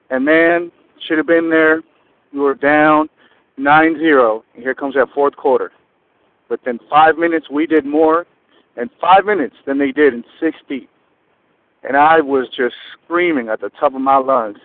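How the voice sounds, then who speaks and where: A man from Texas calling in over a tinny phone line, his voice at a middling pitch. He rambles eagerly and gets fired up as he talks. The sound is dry and thin. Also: a little slow, dry recording. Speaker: caller. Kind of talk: excited phone-in call.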